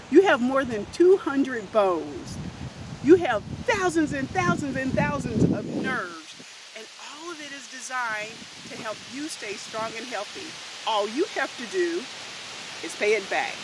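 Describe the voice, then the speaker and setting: Lively woman teaching kids outdoors. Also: a little high. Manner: animated, emphatic, addresses kids directly. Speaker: health and physical education teacher. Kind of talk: energetic lesson to children. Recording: hissy outdoor recording.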